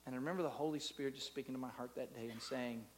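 A man preaching a sermon to a live congregation, swinging between loud, drawn-out preaching and soft, close talk, and leading the room in call-and-response. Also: mid-range voice, steady tone, a little hiss or hum. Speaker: pastor. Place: church in front of a live congregation.

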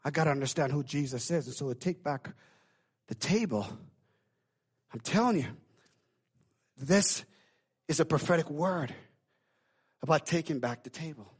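A man delivers a sermon in a notably high voice. He moves between hushed, conversational storytelling and loud, fervent outbursts, acting out the voices of the people in his stories. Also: normal speed, pauses often, slightly rough. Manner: dramatic, acts out quoted voices, swings from hushed to shouting. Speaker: preacher.

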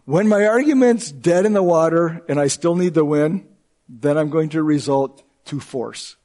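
High-voiced male preacher. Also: lively intonation, normal speed, dark tone. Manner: earnest and emphatic, with shifting pace. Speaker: pastor. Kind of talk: sermon.

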